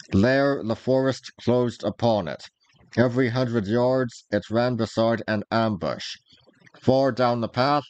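A man narrating an old adventure novel, reading in a measured, deliberate manner. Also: medium pitch, a little mellow, no room sound, rough recording. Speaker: reader, narrator. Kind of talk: storybook narration.

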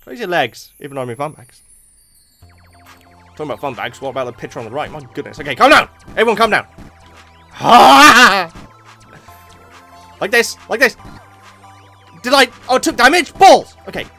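Excitable gamer with a lively voice. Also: male voice, a little high, quick pace, long pauses, faint music behind. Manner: excitable, jokey, yelps at near misses. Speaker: gaming YouTuber. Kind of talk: let's play commentary.

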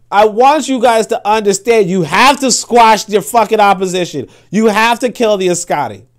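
A man's voice: high-pitched, normal speed, hardly any pauses. A man giving impassioned, profane commentary, reading an article aloud and reacting to it, often repeating himself. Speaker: political commentator.

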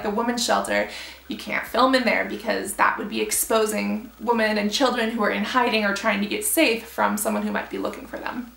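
Young woman vlogger being earnest and encouraging, kinda high voice, echoey room. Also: creaky, fairly bright tone. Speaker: beauty vlogger. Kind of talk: heartfelt talk to camera.

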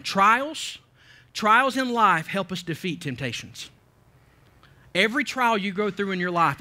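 A man delivers a church sermon in a high, bright, forceful voice. He preaches with emphasis, repeats key phrases and often restarts his sentences as he presses each point home. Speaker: pastor.

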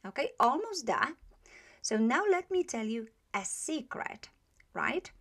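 A fairly high-pitched woman giving a pronunciation lesson at an unhurried pace. She models each sound patiently and repeats it over and over, with plenty of hesitations between explanations. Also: very animated, creaky, fairly bright tone, breathy edge. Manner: frequent hesitation fillers. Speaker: language teacher.

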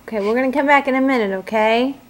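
A woman's voice: sits high, fast talker, slight background noise. A new mother filming herself at home and cooing to her newborn baby in sing-song baby talk, recorded on a handheld camcorder.

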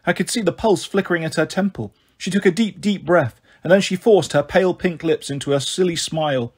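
A man reading a children's novel aloud in a steady, even storytelling voice. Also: fairly high pitch, brisk, breathy edge. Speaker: audiobook reader.

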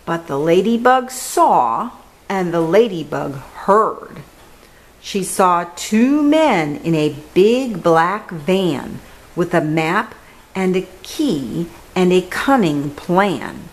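A woman reads a rhyming picture book to children, keeping a steady bouncing rhythm. Her pitch is lively and swings widely through each line. She goes slowly, giving every word time to land. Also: poor audio. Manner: animated, rhythmic, with playful animal sounds. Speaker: children's story reader. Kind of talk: picture book read-aloud.

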